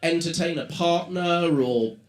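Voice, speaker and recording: A man performing a stand-up comedy set before a live audience, with animated asides to the crowd. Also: a little high, measured pace, heavy background noise. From Britain. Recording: roomy live venue with crowd laughter.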